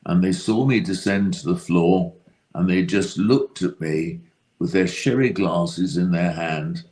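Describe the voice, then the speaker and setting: A man's voice: sits low, measured pace, darkish tone. A man with a British accent telling a dry, self-deprecating anecdote as a guest. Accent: British English. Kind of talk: casual anecdote.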